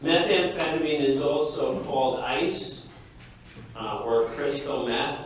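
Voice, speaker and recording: A male lecturer giving a lively, jokey classroom lecture and talking straight to his students. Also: mid-range voice, takes it slowly, slight background noise. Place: lecture hall. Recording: echoey hall from far off.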